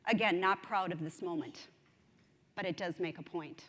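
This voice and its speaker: A woman giving a conference speech, telling a story in an animated, self-mocking way. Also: on the low side, moderate pace. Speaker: conference speaker. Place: large conference hall. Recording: long hall reverb.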